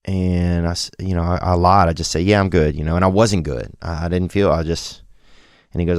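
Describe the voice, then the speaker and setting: Very deep-voiced man, halting and confessional. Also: steady tone, no echo, clean studio sound. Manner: halting, rambling, full of restarts and slang; reflective and emotionally open. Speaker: podcast host. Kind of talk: confessional storytelling.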